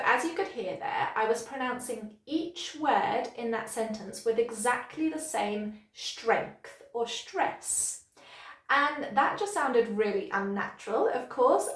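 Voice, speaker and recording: A woman teaching English pronunciation in an online lesson, speaking clearly and encouragingly and demonstrating each example. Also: on the high side, reverberant.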